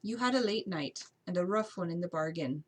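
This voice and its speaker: A gentle young lady's maid, as a woman reader puts her on, raised a little in pitch and speaking out firmly in a comforting tone. Her voice carries a soft, breathy edge. It is a storybook reading voice, soothing and kind. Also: lively intonation, brisk. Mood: reassuring. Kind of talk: amateur audiobook character voice.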